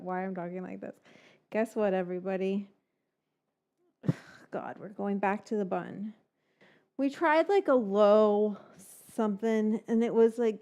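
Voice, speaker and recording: A woman's voice: medium pitch, dark tone. Woman host for a casual cooking live stream, chatty and rambling, with offhand swearing.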